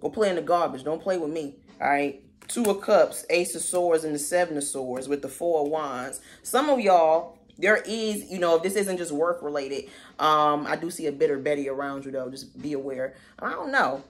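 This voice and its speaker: A woman giving a casual tarot reading in a sassy, slangy manner with animated asides. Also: low voice, moderate pace. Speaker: tarot reader.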